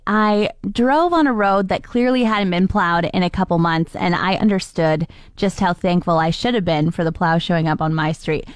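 A woman radio host telling everyday stories in a casual, animated monologue, acting out the quoted exchanges. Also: fairly high pitch, clean tone, dry recording, studio quality. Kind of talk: chatty monologue with listener call-outs.

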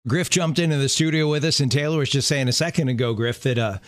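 A man's voice: medium pitch, fast, no echo, clean studio sound. A middle-aged man co-hosting a faith radio show in casual chat, easygoing and joking, laughing often. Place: radio studio.

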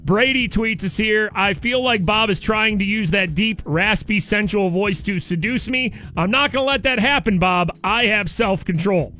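Bright, high-voiced male radio host. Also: normal speed, hardly any pauses. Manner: upbeat, reads listener tweets aloud. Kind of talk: morning radio banter. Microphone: studio microphone.

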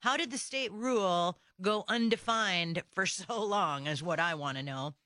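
A woman's voice: lowish voice, measured pace, bright, forceful tone, no room sound. A woman hosting a talk radio show from a studio microphone, delivering an opinionated monologue full of indignant rhetorical questions.

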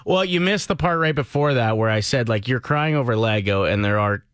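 A man's voice: mid-range voice, lively intonation, a little fast, a bit bright, dry recording. A man co-hosting a radio show, chatting casually with dry, joking banter. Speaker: radio co-host.

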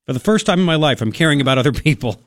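A man hosting a talk radio show in a studio, delivering an opinionated monologue in a sarcastic, mocking, animated way. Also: a little high, rapid-fire, slight background noise. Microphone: studio microphone.

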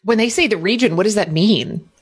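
A woman from Southern Indiana hosting a casual interview with an old college friend, chatty and quick to laugh. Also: medium pitch, husky, no echo.

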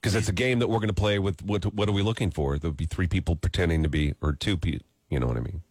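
On a radio morning show, a male host jokes and banters with his co-hosts in the studio, lively and prone to trailing off and restarting. He talks fast in a low voice with a breathy edge, and there's no echo.

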